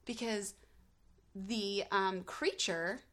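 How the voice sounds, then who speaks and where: A woman's voice: medium pitch, drawn-out words, pushed and bright. A young woman co-hosting a podcast, chatting about episodes with emphatic, punchy one-liners. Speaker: podcast co-host. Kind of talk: casual recap chat.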